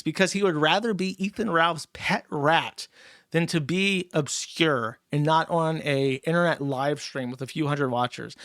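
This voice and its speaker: A man hosting a livestream, reading paid chat messages and ranting in a crude, mocking way, sometimes jumping into squeaky put-on voices. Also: fairly bright tone, no room sound, clean studio sound. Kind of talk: casual crude livestream rant.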